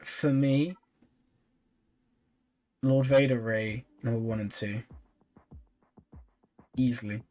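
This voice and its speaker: A man's voice: mid-range voice, slow pace, pauses often, soft background music. A tired man chatting casually on a live stream, answering viewers' questions. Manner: relaxed, chatty, reads and answers chat comments with small laughs. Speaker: streamer reviewing viewers' game accounts.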